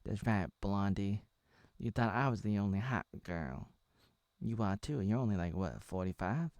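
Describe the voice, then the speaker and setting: A man's voice: lowish voice, expressive, moderate pace, darkish tone, no echo. A man voicing a brash, flirty woman who teases another woman, in a slightly raised voice. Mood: teasing. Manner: teasing, boastful. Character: flirty brash woman named Brandy, teasing.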